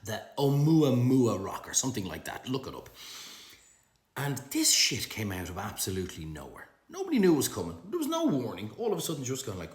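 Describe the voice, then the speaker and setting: A middle-aged Irish man delivering a profane comic rant to camera, ranting in an animated, swearing way. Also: fairly quick. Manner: profane, animated ranting with big pitch swings. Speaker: social media comedian. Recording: roomy echo.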